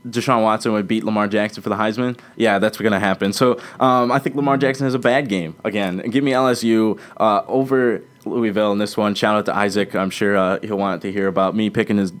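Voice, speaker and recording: A man's voice: lowish voice, fairly even intonation, a little fast, few pauses. A young man hosting a casual sports podcast, teasing his co-host and laughing often as he runs through game picks.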